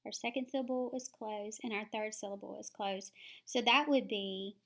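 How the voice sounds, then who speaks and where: A woman teaching phonics, explaining each step slowly and sounding words out syllable by syllable. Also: mid-range voice, steady tone, fairly bright tone. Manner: slow, deliberate, sounding words out.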